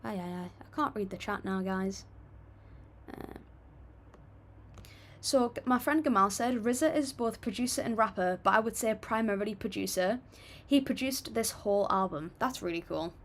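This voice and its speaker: A young woman with a British accent chats casually on her livestream, reading out viewer comments and answering each one in a relaxed, friendly way. Her voice sits at a medium pitch, and her talk is loose and conversational. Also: normal speed. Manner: chatty, friendly, reads comments aloud then replies. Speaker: livestream host reacting to music.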